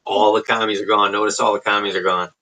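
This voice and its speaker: A man with a suburban Chicago accent hosts a casual late-night livestream from home, rambling and swearing. His lowish voice is pushed and bright, with a flat delivery and a quick pace, and the audio is poor.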